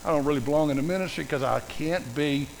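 A man's voice: a little high, fast talker, gravelly, in a large hall, a little hiss or hum, rough recording. An older man, preaching a sermon in a folksy, self-mocking storytelling manner. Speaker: pastor.

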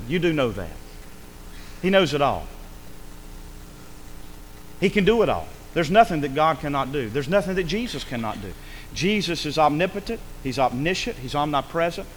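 A man preaching a sermon, swinging between loud calls and hushed asides. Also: a little high, big-room sound, a little hiss or hum. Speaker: pastor. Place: church sanctuary.

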